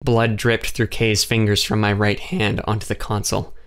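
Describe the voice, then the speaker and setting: A man narrating an audiobook in the first person, in a measured, even way. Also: lowish voice, clean tone.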